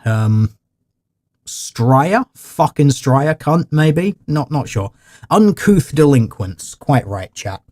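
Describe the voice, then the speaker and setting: A man's voice: medium pitch, warm tone. Guy streaming, talking to chat all dry and sarcastic, kinda mock-posh, ordinary mid voice. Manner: dry, mock-formal, sardonic. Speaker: livestream host. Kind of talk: sarcastic livestream commentary to chat.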